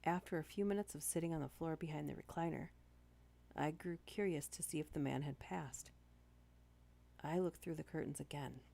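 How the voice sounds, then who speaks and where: A woman's voice: sits low, normal speed, creaky, mellow. A young Canadian woman with a slightly nasal voice, reading scary stories aloud on a stream with chatty asides and small stumbles. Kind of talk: casual story reading on a live stream.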